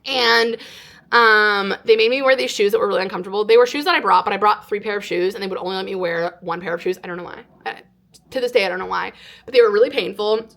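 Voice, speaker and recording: A woman in her twenties from California, telling a personal story to camera in a casual, animated way with lots of "like". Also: mid-range voice, quick pace. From California, United States. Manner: animated, exaggerated retelling with frequent "like". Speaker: vlogger. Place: indoors, sit-down filming.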